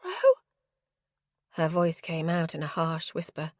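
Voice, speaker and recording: A woman with a fairly low voice reads a historical romance aloud in a steady, expressive way. The recording is dry and close, with no room sound. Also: moderate pace, dry recording. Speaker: audiobook narrator. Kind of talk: scripted romance narration.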